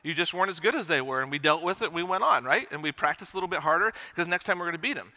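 Bright high-voiced male preacher in a hall. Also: rapid-fire. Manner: storytelling, animated, swings between loud and hushed. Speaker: pastor. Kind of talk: sermon.

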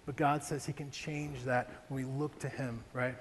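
A man's voice: mid-range voice, level tone, normal speed, a little hiss or hum. A young man from Ohio preaching a sermon, telling a family story with frequent rhetorical questions to the congregation. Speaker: pastor. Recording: long reverb of a large hall, faint ambience.

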